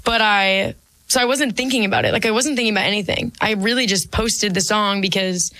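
A woman's voice: mid-range voice, steady tone, fairly quick, bright, forceful tone, no room sound. A young woman, a singer-songwriter guest, chatting casually in an interview and rambling with many fillers.

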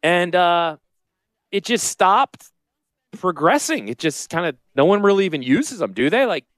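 Man, radio host, joking and sarcastic, slightly high voice, dry close sound. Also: big pitch swings, measured pace, a bit bright, no room sound. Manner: brash, sarcastic, rambling. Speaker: radio host, financial planner. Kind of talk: joking talk radio monologue.

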